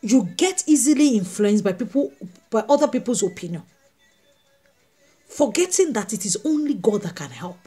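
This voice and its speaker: Emphatic woman evangelist, raised pitch. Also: animated, normal speed, mellow, husky, faint music behind. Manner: emphatic, repeats phrases, addresses the congregation directly. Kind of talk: sermon.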